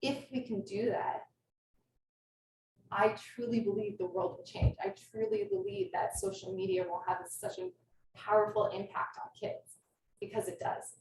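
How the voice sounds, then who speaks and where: A woman's voice: mid-range voice, big pitch swings, normal speed, vocal fry, a little mellow. Earnest woman teacher, echoey and distant. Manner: earnest, passionate. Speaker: kindergarten teacher. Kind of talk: presentation to an audience. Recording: echoey room, distant mic, faint noise.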